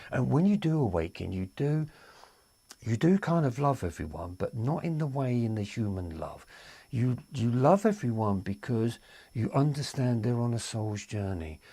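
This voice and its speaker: A man's voice: very animated, moderate pace, warm tone, breathy edge, dry recording. A man from East London with an East London accent, hosting a casual spiritual live stream, rambling, repeating himself and reading out viewer comments. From East London, England. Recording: dry, close, low-quality setup.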